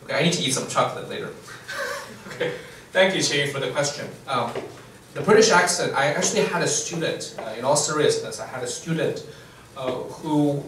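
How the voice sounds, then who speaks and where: A man's voice: mid-range voice, a little hiss or hum. A man hosting a livestreamed English lecture, talking casually with frequent fillers and chuckles. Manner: relaxed, chuckling, full of fillers. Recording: echoey room from far off.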